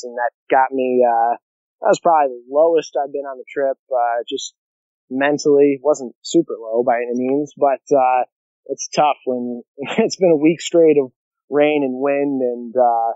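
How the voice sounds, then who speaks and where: A man's voice: medium pitch, a little mellow, dry recording. A man talking in a casual interview, easygoing, with many fillers and restarts. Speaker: guest, long-distance canoeist. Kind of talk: casual interview over a remote line. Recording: dull lo-fi call audio, dry.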